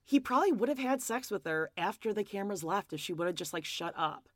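Animated woman gossiping on a podcast. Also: medium pitch, fast talker, dry recording, clean studio sound. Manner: animated, acts out quotes with exaggerated voices. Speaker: podcast co-host. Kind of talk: casual chat recap of reality TV.

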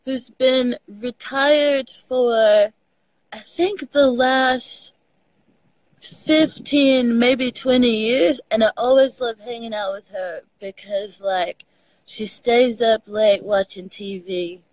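A woman's voice: a little high, takes it slowly, a little mellow, no room sound, rough recording. A woman with a Texas accent, chatting casually on a video call and telling stories with the odd swear word. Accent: Texan. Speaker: guest. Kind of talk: casual chat over a live video call.

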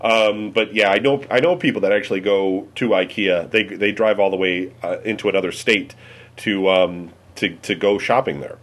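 A man from the Cleveland area, chatting casually in a rambling, halting way full of fillers and restarts. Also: on the low side, a bit bright. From Cleveland area, United States. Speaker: conversation partner. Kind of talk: casual chat.

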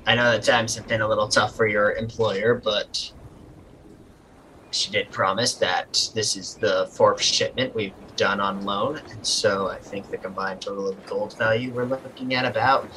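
A man's voice: on the low side, steady tone, moderate pace, bright, forceful tone, slight background noise, low-quality recording. A man voicing a proud male merfolk leader who talks in a stiff, businesslike way. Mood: formal.

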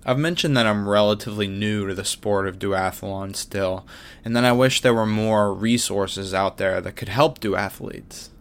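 A man reads a wry, self-mocking script on his own sports podcast, tossing in jokey asides. His voice is lowish with vocal fry, in a scripted monologue.

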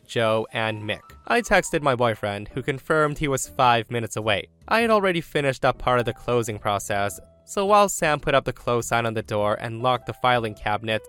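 A man narrating online stories with his own commentary, reading in a lively way that lifts for emphasis. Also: medium pitch, smooth.

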